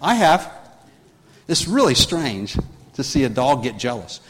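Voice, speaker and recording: A man's voice: mid-range voice, sing-song, a little slow, fairly bright tone, slightly rough, in a large hall. A man preaching a sermon, telling a story with many restarts and rising in force when he drives home his point. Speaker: pastor.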